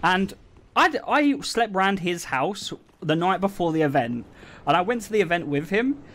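A young man telling stories to his stream chat in a casual, animated way, swearing and laughing often. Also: high voice, normal speed.

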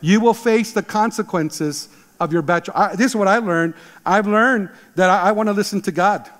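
Pastor, man in his 60s, emphatic sermon delivery, high voice, long hall reverb. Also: normal speed. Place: church sanctuary.

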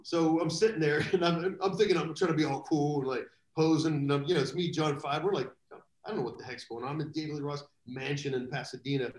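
A man telling rambling, animated anecdotes as a guest in a live video chat. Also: on the high side, fast talker, few pauses, roomy sound, poor audio. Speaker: guest drummer. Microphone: video call.

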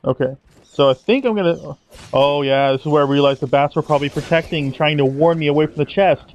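A man's voice: a little high, a little fast, lo-fi sound, slight background noise. A man commentating over his own video game playthrough, sarcastic and mock-dramatic, swearing casually. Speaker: gameplay commentator. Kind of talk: sarcastic let's-play commentary.

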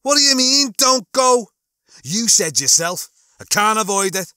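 Figure: defiant young spaceman. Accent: Liverpool. Pitch: raised. Volume: loud; a man acts it. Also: lively intonation, unhurried, no room sound, clean studio sound, heavily acted.

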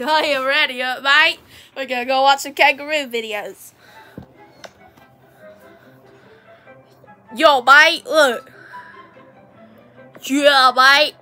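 Woman voicing chatty country character, bright and a bit high, tacks "mate" onto every line. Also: steady tone, slow pace, pauses often, soft background music, exaggerated voice. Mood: excited. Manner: ends nearly every sentence with "mate", rambling. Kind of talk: playful home role-play video.

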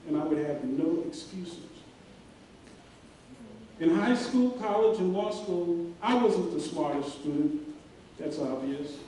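Man, middle-aged, earnest graduation speech with fillers, dark tone, faint hiss, echoey far-off hall recording. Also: sits high. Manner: earnest storytelling, with many pauses and fillers. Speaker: commencement speaker. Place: large hall.

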